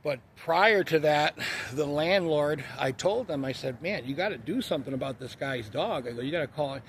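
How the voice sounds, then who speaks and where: Profane ranting man, higher voice. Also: lively intonation, moderate pace, a little hiss or hum. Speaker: vlogger. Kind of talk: casual storytelling monologue.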